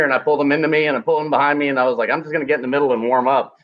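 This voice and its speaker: A man's voice: mid-range voice, very fast, lo-fi sound. A former combat medic telling crude army stories casually, acting out the people he quotes. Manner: crude, animated anecdote-telling with acted quotes. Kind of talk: casual storytelling.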